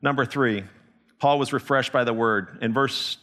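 A man preaching a sermon as a missionary, telling stories with animated emphasis and frequent restarts. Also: medium pitch, moderate pace. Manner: animated storytelling with restarts, rising to emphatic peaks.

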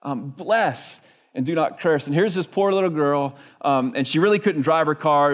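A male pastor preaching a sermon in a church, telling stories conversationally with frequent "right?" asides. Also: mid-range voice.

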